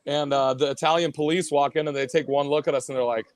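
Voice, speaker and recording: A male musician guest telling road stories in a casual interview, animated and acting out what others said. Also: on the high side, fast, no room sound. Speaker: guest musician, band vocalist and bassist.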